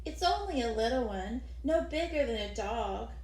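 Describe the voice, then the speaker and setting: A woman's voice: fairly high pitch, animated, normal speed, a little mellow, echoey room. A woman voicing an upset young boy who protests with insistent questions in an audiobook. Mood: earnest. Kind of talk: audiobook character voice.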